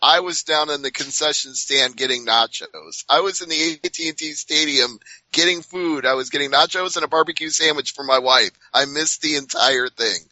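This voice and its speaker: Bright-voiced man hosting a podcast. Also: fairly high pitch, normal speed, no room sound. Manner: chatty, leads the discussion. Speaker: podcast host. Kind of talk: casual wrestling podcast chat. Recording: dull lo-fi sound.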